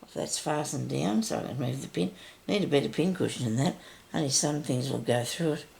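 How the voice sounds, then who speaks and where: An older woman with a raspy, deep voice, chatting and rambling through a casual stitching tutorial as host. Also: brisk, mellow. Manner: chatty, rambling, self-interrupting.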